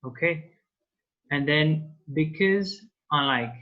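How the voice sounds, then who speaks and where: A man with a fairly high voice tutors French in an online language class, speaking slowly and patiently as he prompts step by step. He's a native French speaker on a video call, and the sound is dull and lo-fi.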